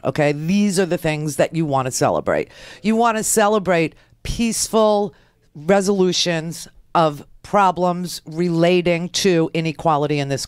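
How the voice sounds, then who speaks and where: A woman's voice: deep voice, clean tone, no echo. A woman hosting a political radio talk show, delivering indignant, sarcastic commentary.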